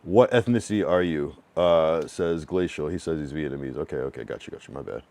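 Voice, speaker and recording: A low-voiced New England man livestreams, reading viewers' messages aloud and answering them frankly and loosely. His intonation is lively, his voice creaky and mellow with no echo, and he muses at length with slang and plenty of fillers.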